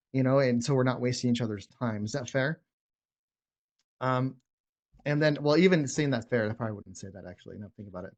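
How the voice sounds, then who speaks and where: A man's voice: medium pitch, darkish tone. A man coaching sales negotiation in a casual teaching talk, blunt and emphatic, often restarting his words. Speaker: real estate wholesaling coach.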